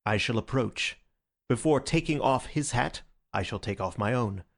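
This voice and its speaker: A man voicing a tipsy, witty young gentleman in an audiobook, with a grand, bubbling delivery. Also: mid-range voice, expressive, normal speed. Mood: giddy. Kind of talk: audiobook character voice.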